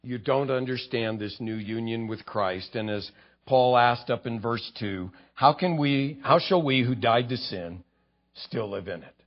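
A man's voice: mid-range voice, measured pace, dull audio. A man preaching an expository sermon as pastor, teaching earnestly and building to fervent emphasis.

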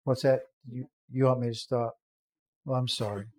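A man preaching a sermon, telling a story with animated acted-out voices and shouts. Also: mid-range voice, moderate pace.

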